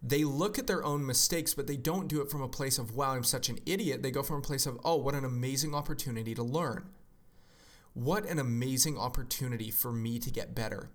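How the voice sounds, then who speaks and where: A man speaks at a middle pitch, giving an earnest, encouraging motivational talk. He often slips into the voices of the people he describes, then returns to his plain delivery. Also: brisk. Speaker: self-help speaker.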